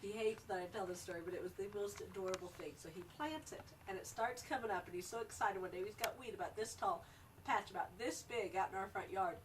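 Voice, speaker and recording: A woman's voice: mid-range voice, fast. A middle-aged woman fondly telling stories about her son as a small child, amused. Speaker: mother telling family stories. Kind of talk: casual storytelling to camera. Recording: distant home camera mic with faint hiss.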